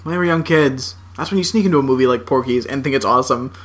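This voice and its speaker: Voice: mid-range voice, fast. A podcast co-host in casual comedic chat who laughs often, swears freely and quotes characters in offhand voices.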